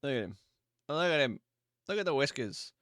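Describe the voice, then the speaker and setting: A man hosting a live stream, chatting casually and easygoing with viewers, with quick asides and apologies. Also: mid-range voice, animated, a bit bright, dry recording, studio quality. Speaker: livestream host.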